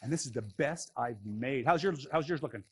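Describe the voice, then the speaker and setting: A man teaching a playful science demo for kids, goofy and excitable, joking as he goes. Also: medium pitch, moderate pace, breathy edge.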